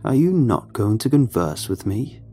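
A man voicing a creepy, frail male creature who calls himself the sun, with a slow, drawn-out, croaking voice. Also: on the low side, big pitch swings, mellow, soft background music. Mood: menacing.

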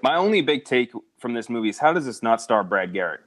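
A man co-hosting a podcast, trading quick joking banter in casual chat. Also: medium pitch, very animated, fairly bright tone. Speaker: podcast co-host.

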